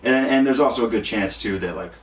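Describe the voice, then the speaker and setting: A man speaking as a guest co-host in casual chat, halting, with dry deadpan humor. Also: medium pitch, recorded from a distance. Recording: roomy and off-mic.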